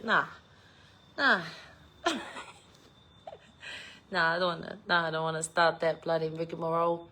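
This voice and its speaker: A woman's voice: fairly low pitch, fairly even intonation, measured pace, pauses often, pushed and bright. A middle-aged woman, chatting casually to her viewers, laughing often and swearing freely as she jokes about herself. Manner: giggly, swears freely, self-mocking. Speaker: vlogger. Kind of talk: casual chat.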